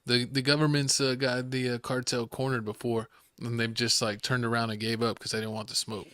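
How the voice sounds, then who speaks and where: A man's voice: mid-range voice, level tone, brisk, fairly bright tone, no room sound, clean studio sound. A man hosting a casual podcast, explaining things in a laid-back, teasing way. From Mexican-American family. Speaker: podcast host.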